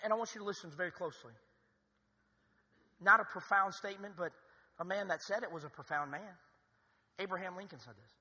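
A male pastor preaching a sermon in a church, building to loud, emphatic cries. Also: high voice, slightly rough, long reverb tail. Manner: preaching with rising, shouted emphasis. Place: church sanctuary.

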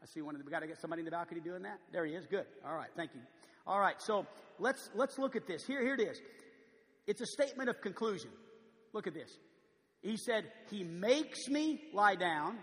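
A man's voice: sits high, fast talker, fairly bright tone, long reverb tail. A man preaching a sermon in a large church, conversational, with frequent stammered restarts. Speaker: pastor.

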